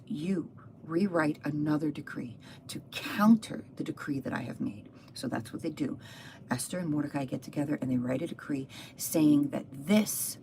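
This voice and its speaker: A woman on a live stream retelling a Bible story in an animated, chatty way with frequent asides to her listeners. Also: rumbling low, gravelly, a little hiss or hum. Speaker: Bible teacher.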